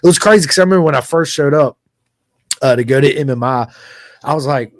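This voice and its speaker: A middle-aged man from Virginia with a Virginian accent, hosting a casual podcast interview and telling stories with lively energy. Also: fairly high pitch, fast talker, no room sound. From Roanoke, Virginia. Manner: animated storyteller who acts out voices. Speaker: podcast host.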